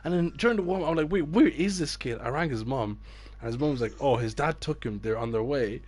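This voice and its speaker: A man's voice: medium pitch, quick pace, a little mellow. A man, a youth football coach telling a story in a casual chat with friends and acting out the people he quotes. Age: 20s.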